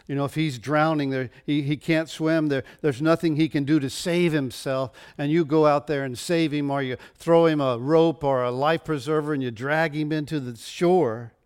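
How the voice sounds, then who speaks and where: A man preaching a conversational sermon, acting out quoted voices and often repeating words as he goes. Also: fairly high pitch. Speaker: pastor.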